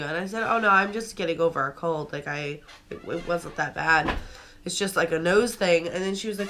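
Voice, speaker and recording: Woman, young adult, upset, venting, casual storytelling, bright tone, fairly low pitch. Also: fairly quick, a little hiss or hum. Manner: upset, venting, with many fillers and restarts. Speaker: vlogger.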